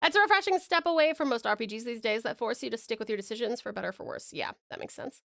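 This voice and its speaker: A woman's voice: on the high side, fast talker, creaky, fairly bright tone, no echo, clean studio sound. A young Australian woman streaming while she draws, reading chat aloud and chatting in a bubbly, giggly way. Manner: bubbly, giggly, greets viewers with pet names.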